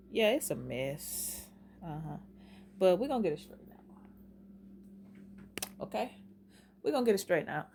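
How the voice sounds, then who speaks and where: A middle-aged woman vlogging casually from her dining room at home, talking fast and chatty to her viewers. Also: on the low side, gravelly, a little hiss or hum. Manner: fast-talking, chatty, says y'all a lot. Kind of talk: casual vlog chat.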